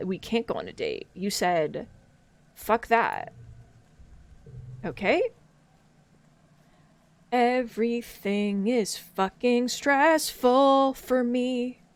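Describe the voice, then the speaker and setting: Excitable swearing woman game streamer. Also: mid-range voice. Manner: excitable, swears a lot, reads game text aloud. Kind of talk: casual live-stream chat while playing.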